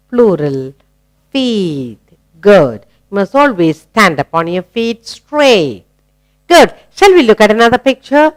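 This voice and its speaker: A woman's voice: a little high, clean tone. A woman teaching a grammar lesson to young children, spelling out words letter by letter and asking them encouraging questions. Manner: slow, sing-song, spelling words letter by letter.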